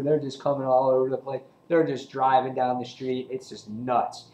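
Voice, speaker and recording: A man casually reviewing a comic book, excited and rambling, with lots of fillers and restarts. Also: mid-range voice, moderate pace, few pauses, reverberant, slight background noise, rough recording.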